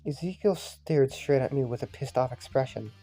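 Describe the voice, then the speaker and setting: A man's voice: mid-range voice, expressive, normal speed, mellow. A man reading through a fan-made visual novel, narrating and chatting offhand, swearing freely, with faint music behind. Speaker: reader voicing a fangame. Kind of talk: casual let's-play reading.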